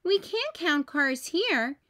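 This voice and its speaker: A woman's voice: very high voice, sing-song, slow pace, pushed and bright, voice pushed up, exaggerated voice. A woman voicing a whiny, competitive little girl in a storybook read-aloud. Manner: whiny, eager.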